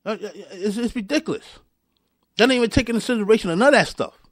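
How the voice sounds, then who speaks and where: Speaking fast in a high voice, a show host rants heatedly and angrily, repeating himself, stumbling into restarts and addressing his listeners directly. The sound is studio quality with no echo.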